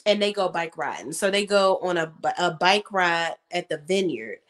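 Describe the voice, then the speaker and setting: A woman hosting a casual reality TV recap, talking in slang and acting out cast members' lines in quick voices. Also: on the low side, expressive, a bit bright.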